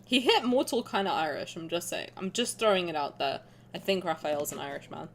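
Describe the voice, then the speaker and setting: In a lowish voice at a fairly quick clip, a young woman streams a narrative game. She reads the narration aloud and reacts with animated chatter and frequent laughs.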